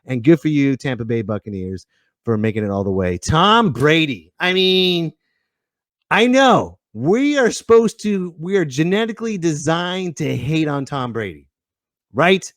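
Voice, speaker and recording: A man's voice: a little high, big pitch swings, measured pace, no echo, studio quality. A middle-aged man hosting a live podcast in casual chat, joking and laughing often. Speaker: podcast host.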